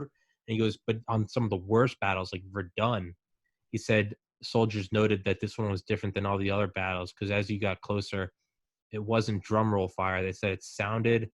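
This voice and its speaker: A man in casual chat, talking excitedly and rambling with lots of fillers. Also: fairly low pitch, moderate pace, no echo.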